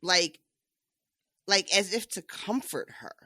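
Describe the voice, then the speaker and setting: Bright, dry-sounding podcast host. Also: mid-range voice, animated, slow pace, no room sound. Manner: laughing often while recapping. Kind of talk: casual book-discussion podcast chat.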